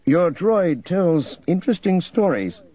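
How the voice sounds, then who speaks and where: A man's voice: high voice, big pitch swings, unhurried, dark tone, breathy edge, highs cut off, voice pushed up, full character voice. A man doing a dry imperial commander.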